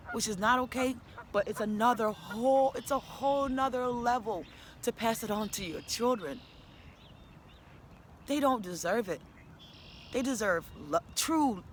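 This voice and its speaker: A woman's voice: medium pitch, fairly bright tone, slight background noise. Candid woman telling her story. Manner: candid, emphatic, conversational. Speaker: single mother sharing her story. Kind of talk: personal storytelling to camera.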